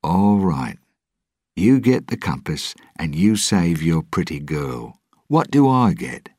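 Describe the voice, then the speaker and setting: A man voicing a sly, cocky male pirate captain who talks in an evasive, sharp-tongued drawl. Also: deep voice, sing-song, slow, slightly rough, dry recording, clean studio sound, pitched above the performer's own voice, exaggerated voice. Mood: dismissive.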